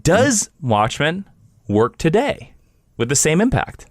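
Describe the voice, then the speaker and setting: A man co-hosting a casual podcast, lively and reading listener questions aloud. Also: fairly high pitch, takes it slowly, no room sound, studio quality.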